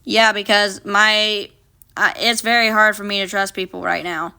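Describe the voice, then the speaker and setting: Reading viewer comments aloud on a casual livestream from her phone, a young woman replies bluntly and swears freely. She speaks at normal speed with fairly even intonation, her medium-pitched voice creaky and sharp but clear and resonant.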